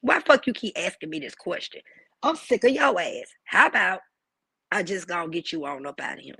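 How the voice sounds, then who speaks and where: A woman's voice: fairly low pitch, sing-song, moderate pace, vocal fry, pushed and bright, slightly rough, dry recording, exaggerated voice. A woman voicing a short-tempered father who snaps and curses at his child. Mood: irritated. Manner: snapping and cursing.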